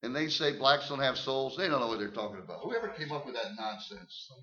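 An older man preaching his testimony in church, emphatic and folksy, repeating words and swinging from hushed tones to loud shouts. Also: medium pitch, animated, fairly quick. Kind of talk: sermon testimony. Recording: muffled lo-fi recording.

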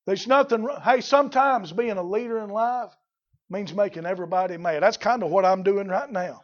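A man preaching a folksy, blunt sermon that builds to shouting. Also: high voice, moderate pace, dull audio.

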